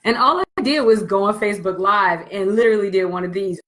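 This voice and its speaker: Woman, business coach, motivational storytelling, blunt, animated, swears casually, medium pitch. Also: brisk, hardly any pauses, low-quality recording. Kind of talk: candid motivational storytelling to camera.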